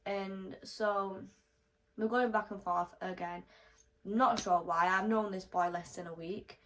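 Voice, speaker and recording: A young woman telling a storytime vlog, animated and swearing freely as she acts out the quotes. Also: mid-range voice, slow, slight background noise, rough recording.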